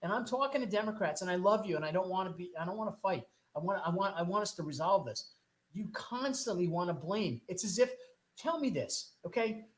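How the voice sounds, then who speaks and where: A man's voice: sits high, expressive, fairly quick. A man hosting a talk show, delivering a rambling, impassioned political monologue full of rhetorical questions from a studio. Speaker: host.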